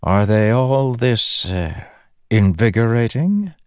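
A defiant queen with a sharp, scornful tongue, her words snapped out high and hard, as a deep-voiced male reader puts her on. The reading is dry and close, with no room sound around it. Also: lively intonation, slow pace, smooth, no room sound. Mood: wary.

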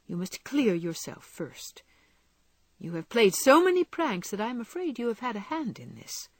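A woman voicing a middle-aged mother who speaks in a calm, commanding way. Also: a little high, moderate pace, no echo, voice pushed up.

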